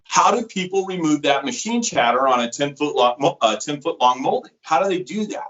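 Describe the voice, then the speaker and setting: A man's voice: on the high side, fairly quick, dull audio. A middle-aged man telling stories and explaining products in a casual interview, acting out quoted voices. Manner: animated storyteller acting out quotes. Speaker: sales rep. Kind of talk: storytelling interview chat.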